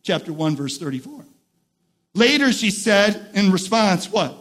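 High-voiced male preacher giving a sermon. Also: very animated, unhurried. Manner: builds from quiet, reflective talk to repeated shouted emphasis. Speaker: pastor.

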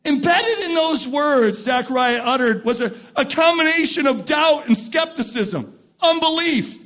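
High-voiced male preacher giving a sermon. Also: expressive, a little slow. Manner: builds from quiet, reflective talk to repeated shouted emphasis. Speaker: pastor.

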